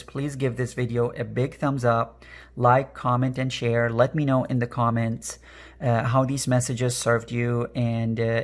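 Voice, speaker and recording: A man with a raspy, strained voice giving an earnest pick-a-card reading, repeating phrases with many fillers. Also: medium pitch. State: emotional, voice strained. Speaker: energy worker and tarot card reader.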